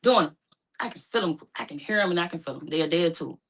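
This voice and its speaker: A woman's voice: animated, fast talker, fairly bright tone. Woman telling a painful personal story. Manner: emotional, rising to high pitch when distressed; speaks casually with informal phrasing. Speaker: guest telling her story.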